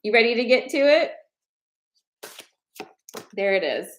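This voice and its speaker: A woman's voice: fairly high pitch, very animated, a little slow, noisy background. A young woman hosting a live tarot stream, talking casually and emotionally with viewers, tearful at times, swearing and laughing as she goes. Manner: emotional, chatty, swears, laughs through tears.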